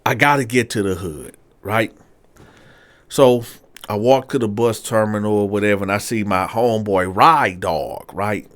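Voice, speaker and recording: A man casually telling a personal story, acting out the dialogue with big jumps in his voice. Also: unhurried. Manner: animated, acts out dialogue with big pitch jumps. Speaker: storyteller host.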